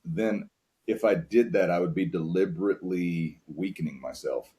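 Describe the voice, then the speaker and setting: Deep-voiced man, earnest and open. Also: normal speed, mellow. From United States. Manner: earnest, open, with frequent restarts. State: tearing up at times. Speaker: podcast guest, father. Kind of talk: reflective interview talk.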